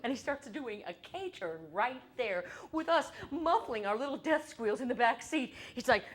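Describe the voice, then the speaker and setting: Animated high-voiced woman telling stories on stage. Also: moderate pace. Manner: animated, comic, shifts between wry and loud. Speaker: solo performer. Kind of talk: solo stage show storytelling.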